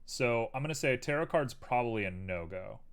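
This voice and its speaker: Dude streaming his 3d modeling, chatting to viewers while he works, relaxed and self-deprecating, voice goes up and down a ton. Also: mid-range voice, a little fast. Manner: thinks aloud, chatty, talks to viewers while working. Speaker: live-stream host modeling in 3D software. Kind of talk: casual live-stream tutorial chat.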